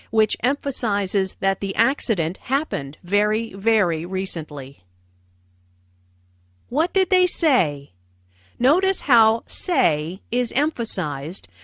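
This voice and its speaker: A woman acting out a short everyday dialogue and explaining its phrasing in clear language notes for English learners. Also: medium pitch, fairly bright tone, no echo, studio quality. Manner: slow, clear teaching delivery. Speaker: English teacher.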